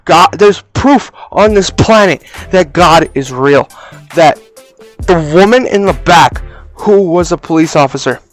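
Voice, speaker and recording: A man's voice: a little high, unhurried, soft background music. Young man telling a storytime. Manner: animated, profane, acts out voices. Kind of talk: casual storytime vlog. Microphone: cheap low-quality mic.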